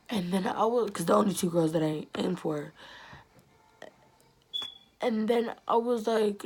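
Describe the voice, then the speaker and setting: A woman's voice: medium pitch, moderate pace, breathy edge. A teenage girl telling a storytime vlog in a chatty, slangy way, often dropping to a whisper. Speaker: vlogger.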